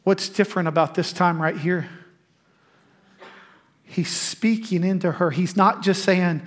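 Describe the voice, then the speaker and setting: A man preaching a sermon as pastor, emphatic and animated, breaking into laughing asides. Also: high-pitched, unhurried, pauses often.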